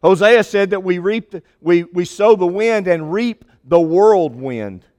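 A man preaching a sermon with an emphatic, repetitive cadence, slowing down to stress key lines. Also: sits high, animated, darkish tone. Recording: long hall reverb.

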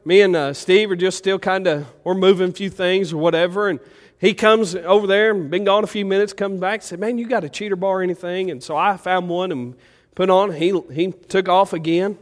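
In a church sanctuary with a big-room sound, a male pastor preaches in a high, steady voice at normal speed. He tells a folksy, meandering, warm story full of fillers before leading a prayer.

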